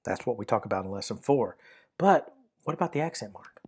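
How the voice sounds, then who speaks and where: A man's voice: fairly low pitch, animated, brisk, darkish tone, husky. Patient man teaching Greek grammar. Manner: patient, methodical, repeats key points. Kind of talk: explanatory teaching lesson.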